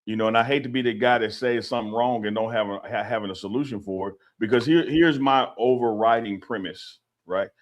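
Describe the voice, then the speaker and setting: A man co-hosting a casual sports talk show, animated and opinionated, repeating himself as he makes his point. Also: medium pitch, a little fast, hardly any pauses. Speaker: co-host.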